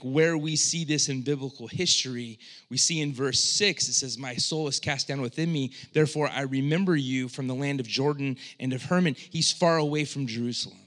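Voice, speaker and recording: A man preaching a sermon as pastor, speaking conversationally with frequent restarts and swinging from hushed, low passages to loud, impassioned cries.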